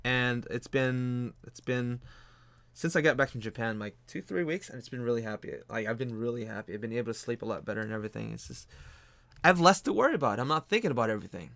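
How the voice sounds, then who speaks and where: A man's voice: medium pitch, lively intonation, fairly quick, gravelly, a bit bright, no echo. A man hosting a casual livestream while he works on artwork, rambling and repeating his phrases with frequent restarts. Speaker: streaming artist host.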